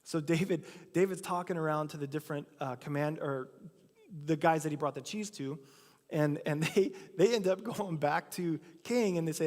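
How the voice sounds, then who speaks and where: A man's voice: on the high side, normal speed, a little mellow. A man preaching a sermon, telling a story casually and acting out the quotes himself. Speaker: pastor. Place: church sanctuary. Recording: long church hall reverb.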